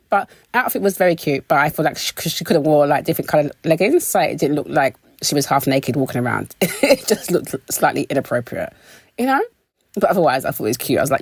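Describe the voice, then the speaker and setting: A British woman hosting a casual, gossipy recap of a reality show, animated and quick to laugh. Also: slightly rough, no echo. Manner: animated, laughing, expressive pitch jumps.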